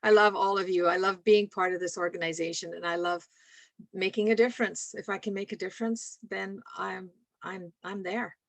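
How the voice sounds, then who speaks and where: A woman in her sixties from Scotland with a softened Scottish accent, chatting in a rambling way and laughing often over a video call. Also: mid-range voice, fairly even intonation, moderate pace, vocal fry, no echo. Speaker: guest speaker. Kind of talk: casual chat on a video call.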